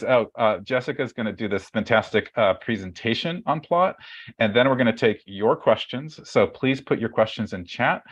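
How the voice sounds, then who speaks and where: A man's voice: on the low side, a bit bright, dull audio. A man hosting a writing webcast over a video call, talking in a chatty, rambling way with many fillers and restarts. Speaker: webcast host. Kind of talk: casual webcast introduction.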